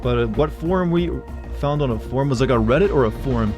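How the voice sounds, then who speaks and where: A man streaming a video game who chats with his viewers in a quick, rambling, self-deprecating way. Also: medium pitch, expressive, over music. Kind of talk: casual live-stream commentary.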